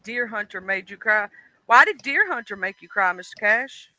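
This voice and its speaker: A man hosts a stream, rambling in casual chat with many ums and "you know"s, laughing as he shares childhood stories and voices the characters in them. His pitch sits high with lively intonation at a normal speed, pushed and bright. No room sound, but low-quality recording.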